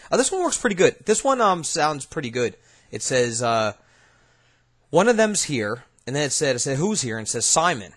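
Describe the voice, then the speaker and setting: Male investigator host, casual halting commentary, mid-pitched, easygoing. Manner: relaxed, halting, thinking aloud with fillers. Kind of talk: casual commentary reviewing recordings.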